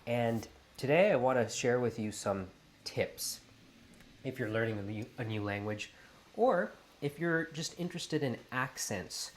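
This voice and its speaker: A man's voice: mid-range voice, unhurried, slight background noise. Playful Canadian man in his late thirties. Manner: animated, playful storyteller. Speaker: host. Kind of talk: casual talk to camera.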